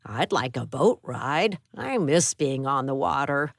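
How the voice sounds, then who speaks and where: A woman's voice: extremely low pitch, very animated, a little slow, creaky, dry recording, clean studio sound, exaggerated voice. A woman voicing a modest older man in an audiobook, speaking in a plain, understated way. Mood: wistful.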